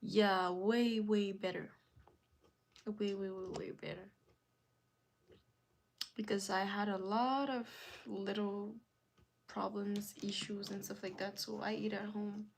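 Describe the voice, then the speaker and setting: A woman hosting a live stream in casual chat, reading viewer comments aloud and putting questions back to the chat. She swings from loud calls to the audience down to soft, near-whispered asides. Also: mid-range voice, level tone, slow, creaky, pauses often, slight background noise.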